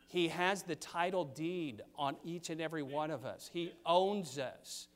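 An older man preaching a sermon, reading scripture and pressing his points with sudden loud stresses. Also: on the high side, unhurried. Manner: emphatic, pulpit cadence with sudden loud stresses.

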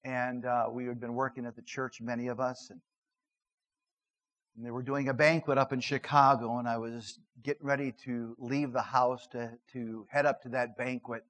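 A middle-aged man, a pastor, preaching a sermon and telling a personal story, moving between loud emphatic lines and hushed, earnest narration. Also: mid-range voice, flat delivery, normal speed, poor audio.

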